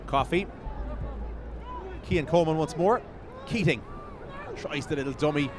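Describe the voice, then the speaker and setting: A man's voice: fairly high pitch, a crowd in the background. Man calling football play-by-play. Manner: brisk calling of player names. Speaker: play-by-play commentator. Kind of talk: fan match commentary. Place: outdoor football stadium. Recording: outdoor stadium ambience, faint noise.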